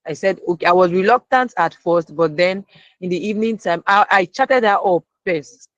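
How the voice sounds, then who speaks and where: A speaker, sharing a personal lesson as a guest and retelling it lively, acting out the people in the story. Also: medium pitch, normal speed, no room sound, highs cut off. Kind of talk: storytelling testimony.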